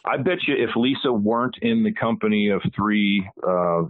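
A man's voice: fairly low pitch, moderate pace, dry recording. A man guesting on a podcast by phone from a hotel room, joking and teasing in casual chat. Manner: playful, teasing. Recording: tinny dry phone line.

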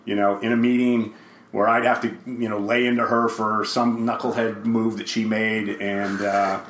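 An older man with a low-set voice tells rambling stories in a relaxed, chatty podcast conversation. He slips into acted-out quotes as he goes. The room is echoey, with a faint hiss underneath. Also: normal speed. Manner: rambling storyteller who acts out quotes. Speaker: guest, father of the host. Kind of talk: casual podcast chat.

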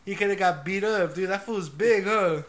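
A man's voice: high-pitched, moderate pace, fairly bright tone. A young man hosting a podcast, telling stories in a loose, profane way and laughing often. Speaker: podcast host. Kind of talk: casual chat.

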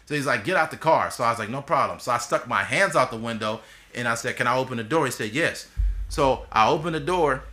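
Guy in his 30s on a podcast, fired up telling a story, bright voice. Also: mid-range voice, quick pace. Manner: impassioned, blunt storytelling with swearing. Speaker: podcast host. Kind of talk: casual podcast chat.

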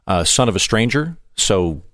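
A man telling stories on a talk radio show, halting and full of restarts. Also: fairly low pitch, animated, a bit bright, no room sound, studio quality. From United States. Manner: quick, halting, lots of restarts and fillers. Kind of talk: storytelling in talk radio banter.

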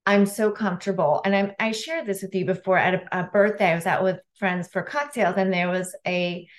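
A woman co-hosting a podcast as a health coach, chatting casually and telling stories with lively acted-out bits. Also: mid-range voice, a little fast. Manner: lively storyteller, acts out voices in anecdotes.

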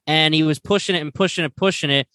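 Bright-voiced laid-back podcast host. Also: male voice, on the high side, fast, dry recording. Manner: laid-back, laughs easily, acts out quotes. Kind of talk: casual chat reviewing a TV series.

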